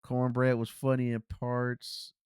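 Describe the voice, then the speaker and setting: A man's voice: slow pace, smooth, no echo, studio quality. A man hosting a casual solo movie review podcast, rambling with restarts and fillers. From Cincinnati, US. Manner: rambling, frequent restarts and fillers, animated swings in pitch.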